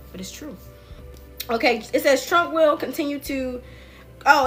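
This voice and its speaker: Chatty, animated woman with a higher voice. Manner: chatty, addresses viewers directly, loose slangy speech; animated, jumps up and down in pitch while retelling. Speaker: livestream political commentary host. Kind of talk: casual chat.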